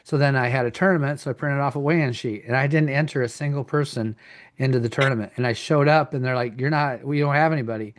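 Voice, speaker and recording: A man's voice: medium pitch, steady tone, fast talker, slight background noise. A man hosting a wrestling podcast, asking long rambling questions and trading coaching stories. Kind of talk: casual interview chat.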